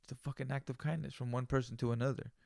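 Guy ranting solo on his podcast, swears a lot, kinda gravelly, dry sound. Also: medium pitch, steady tone, racing, darkish tone, dry recording. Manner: profane, rambling, conversational. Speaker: podcast host.

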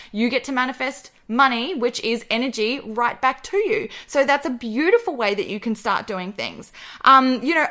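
A woman's voice: high-pitched, bright, forceful tone. A young woman, hosting a casual motivational podcast in a bubbly, upbeat way and calling her listeners babe. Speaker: podcast host.

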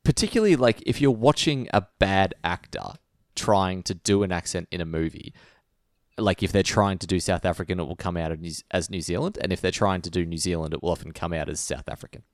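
Australian male podcast co-host, very low voice, rambling chatty delivery, dry close mic. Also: brisk, no room sound. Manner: rambling storyteller, frequent fillers. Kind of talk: casual chat.

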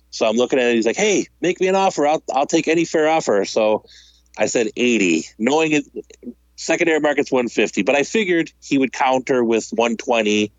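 A man's voice: mid-range voice, dry recording, muffled recording. A man telling a long story in casual chat, laughing often and acting out the people he quotes. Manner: animated, laughs while telling stories, acts out quotes.

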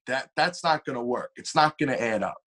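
A young man, a singer telling stories as a podcast guest in a lively, animated way. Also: brisk. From Long Island, New York. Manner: animated storyteller with shifting pitch and pace. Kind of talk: casual storytelling interview.

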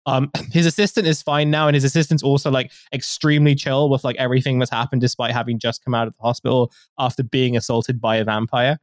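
A man talks through a film's plot in a loose, rambling podcast chat, filling his sentences with "like" and "um". His voice sits at a middle pitch. The sound is dry and close, with no room around it. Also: little pitch movement, quick pace, few pauses, dry recording. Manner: rambling, full of fillers and "like". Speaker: podcast co-host. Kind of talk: casual chat, recapping a film.

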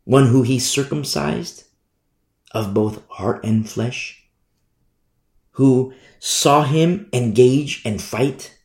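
A man's voice: medium pitch, very slow, pauses often, a little mellow, echoey room. A man preaching a verse-by-verse Bible study sermon, repeating phrases and asking rhetorical questions. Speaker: pastor. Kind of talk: expository Bible teaching sermon.

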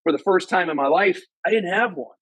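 A man's voice: fairly quick, husky, no room sound, rough recording. Earnest man telling his story. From Ohio, USA. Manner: earnest, animated storyteller who acts out quotes in a higher voice. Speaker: guest, former company president. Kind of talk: personal storytelling in an interview.

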